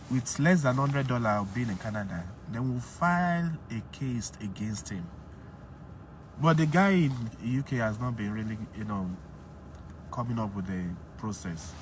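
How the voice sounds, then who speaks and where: A man giving an emphatic, animated casual monologue as a commentator. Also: slight background noise. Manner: emphatic, rises high when indignant.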